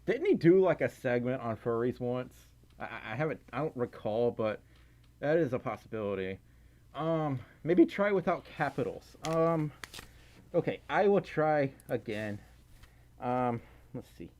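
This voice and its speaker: A breathless, giggly livestreamer with a mid-range, darkish voice reads out donations in casual chat. She speaks animatedly but unhurriedly, flustered and stumbling over her words.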